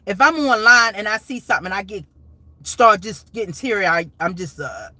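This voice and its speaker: A woman's voice: mid-range voice, sharp tone, dry recording. A woman hosting a casual live stream, talking in a rambling, emotional way with many restarts and asides.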